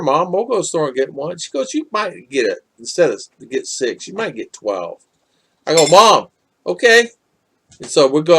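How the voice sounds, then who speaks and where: An older man from the United States hosting a casual live chat, reading viewer comments and rambling with many repeats and fillers. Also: fairly high pitch.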